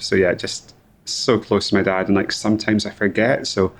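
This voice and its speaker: A man in his thirties speaks in a low voice as an interview guest. He talks about loss haltingly and repeats his words often. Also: lively intonation. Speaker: guest, company founder. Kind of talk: emotional interview conversation.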